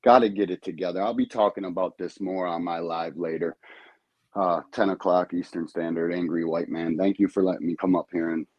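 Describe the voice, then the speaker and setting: A man calling in to a live show, speaking earnestly and in measured phrases. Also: deep voice, fairly even intonation, darkish tone, dry recording, muffled recording. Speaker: caller. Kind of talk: call-in chat.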